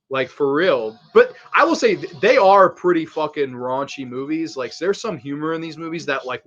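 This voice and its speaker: Guy doing a crude excitable movie commentary, kinda high voice, muffled mic. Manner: excitable, crude, laughs often. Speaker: fan commentary host. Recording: slightly dull lo-fi audio.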